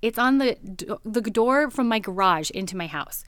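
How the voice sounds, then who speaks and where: A woman hosting a podcast, telling a personal story in a casual, animated way and laughing often. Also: medium pitch, moderate pace, smooth, no room sound, studio quality.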